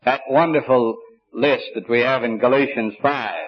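A man preaching a sermon, teaching in a measured, earnest way with frequent restarts. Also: mid-range voice, slightly rough, lo-fi sound.

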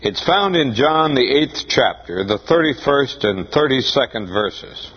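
A man's voice: medium pitch, animated, unhurried, slightly rough. A man preaching an expository sermon, reading scripture aloud and explaining it, with emphatic rises on the quoted verses. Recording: muffled dull recording.

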